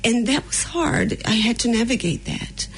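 A woman with a Brazilian accent talks frankly on a podcast, a little high in pitch with a husky edge. Her delivery is blunt and candid. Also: lively intonation, moderate pace, rough recording. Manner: blunt and frank, mixing in sharp retorts. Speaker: podcast guest.

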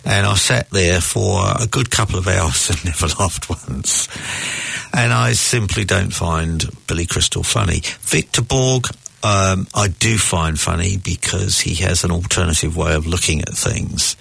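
A man in a casual debate about comedy, talking slowly and deliberately, telling jokes with voiced characters. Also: sits low, vocal fry, fairly bright tone, breathy edge, dry recording.

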